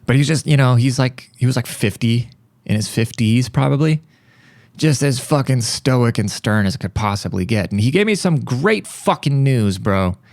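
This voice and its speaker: A young man hosting a podcast, telling a story in a rambling, profane, animated way. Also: medium pitch, normal speed, gravelly, no echo. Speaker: podcast host. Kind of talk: casual monologue.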